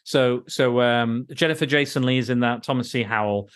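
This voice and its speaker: A man's voice: medium pitch, moderate pace, clear, resonant tone. A man hosting a podcast, ranting casually about a film with lots of swearing and restarts. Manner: ranting, profane, with frequent restarts. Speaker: podcast host.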